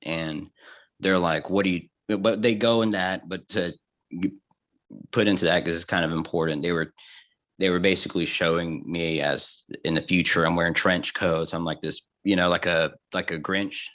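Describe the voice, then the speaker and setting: A man as an interview guest, telling a personal story in a halting way, with restarts and acted-out dialogue. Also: sits low, steady tone, a bit bright. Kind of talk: casual storytelling. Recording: dull lo-fi audio.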